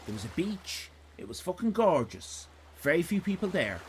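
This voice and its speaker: A man's voice: a little high, big pitch swings, moderate pace, slight background noise. An Irish man hosting a live stream in casual chat, rambling from one tangent to the next with jokes and swearing. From Ireland. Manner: rambling, digressive, sweary, jokey.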